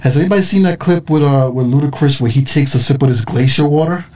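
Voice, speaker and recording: Fast-talking man chatting casually. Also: a little high. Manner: animated storyteller, quick and chatty. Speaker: podcast host. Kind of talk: casual chat.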